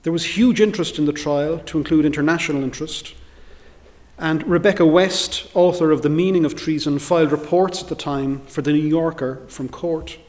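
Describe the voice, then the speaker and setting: A middle-aged barrister giving a formal history lecture, in a measured and deliberate delivery read from a prepared text. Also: male voice, on the high side, darkish tone.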